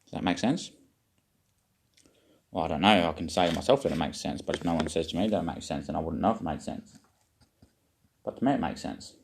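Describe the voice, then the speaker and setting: Casting: man, very low voice, meandering vlog monologue, muses aloud. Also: expressive, fairly quick, creaky, long pauses, breathy edge. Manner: meandering, self-questioning, occasional swearing. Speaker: vlogger. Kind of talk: rambling spiritual monologue.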